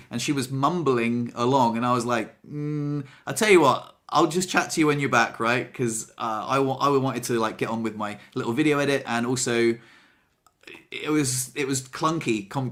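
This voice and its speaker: Chatty man, podcast co-host. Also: medium pitch. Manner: chatty, self-mocking, stammers and restarts, quotes himself in lively bursts. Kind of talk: casual chat.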